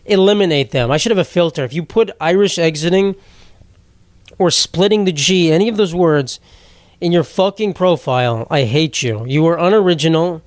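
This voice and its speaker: A man's voice: fairly high pitch, moderate pace, no echo. A young man hosting a solo comedy podcast, rambling bluntly and mocking himself, often laughing mid-sentence. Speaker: podcast host.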